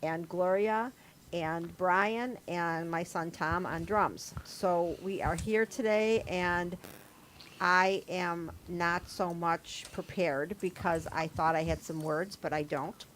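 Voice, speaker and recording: A woman's voice: on the low side, steady tone, takes it slowly, fairly bright tone, slight background noise. A middle-aged woman hosting a casual group chat over a video call, rambling and laughing at herself. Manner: rambling, laughing, self-deprecating. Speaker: host.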